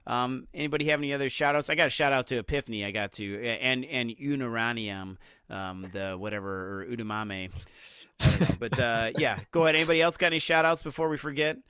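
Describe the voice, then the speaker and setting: A man hosting a podcast in an easygoing, rambling way, tripping over his words and circling back. His voice is bright and present, and it is recorded dry with no room sound. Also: medium pitch, fast talker, smooth, no room sound. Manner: rambling, lots of restarts and filler words. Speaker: podcast host. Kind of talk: casual chat.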